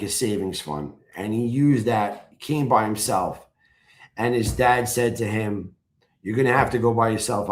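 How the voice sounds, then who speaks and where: A man in casual chat, excitedly telling a story and acting out his own shouted chants. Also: fairly low pitch. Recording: roomy echo.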